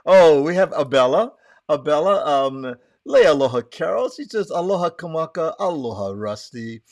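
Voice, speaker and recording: A man's voice: fairly high pitch, lively intonation, normal speed, a little mellow, dry recording. A man from Hawaii hosting a live online show, chatting with his guest and greeting viewers by name in a friendly way. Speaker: host. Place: Southern California.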